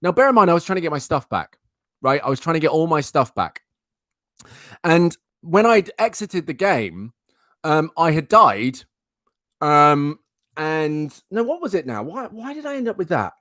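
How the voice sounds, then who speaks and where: A young man rants through a casual story as a live stream host, circling back on the same phrases to hammer each point home. His voice sits a little high for a man and sounds close and dry, with no room around it. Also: very animated, normal speed, bright, forceful tone, dry recording. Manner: exasperated, repeats himself for emphasis. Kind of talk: casual ranting anecdote.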